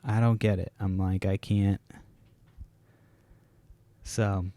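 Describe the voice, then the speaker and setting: A man's voice: low-pitched, flat delivery, takes it slowly, dark tone, no room sound. A man hosting a casual solo podcast from home, rambling, swearing often and stopping mid-sentence to restart. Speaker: podcast host. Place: home, kids nearby.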